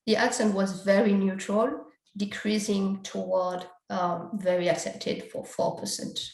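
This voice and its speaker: The speaker is a woman with a medium-pitched, darkish voice presenting an academic conference talk. She explains survey results methodically as she goes through her slides, regularly quoting the questions asked. Audio is poor and sounds roomy.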